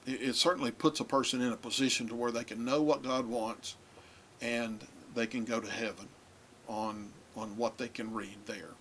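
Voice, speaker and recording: A man teaching a lesson, talking in a halting way with many fillers and restarts. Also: mid-range voice, steady tone, fairly bright tone, a little hiss or hum. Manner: addresses younger listeners. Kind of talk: lecture on biblical languages.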